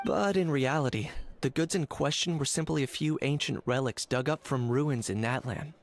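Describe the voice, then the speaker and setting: An actor playing a composed adult man in a game, speaking in a calm, measured, matter-of-fact way. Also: mid-range voice, close to an everyday voice. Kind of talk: game voice acting.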